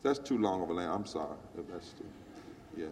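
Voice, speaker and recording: A man's voice: low voice, animated, a little fast, darkish tone, long reverb tail, a little hiss or hum. A man who is a pastor, telling a story on stage into a handheld mic with an emphatic preaching cadence.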